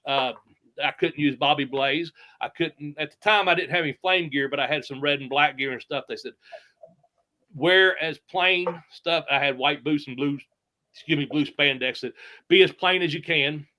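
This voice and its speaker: A middle-aged man, a retired wrestler telling profane, animated stories with sound effects. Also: mid-range voice, brisk. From United States. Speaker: retired pro wrestler, guest. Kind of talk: casual storytelling interview.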